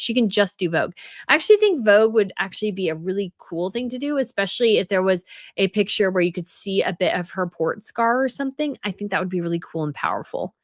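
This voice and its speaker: Woman host of a casual live chat show, chatty and loose, medium pitch, dry recording. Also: no room sound. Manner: chatty, restarts and repeats phrases. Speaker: host of a royal news live stream. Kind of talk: casual live chat reading viewer comments.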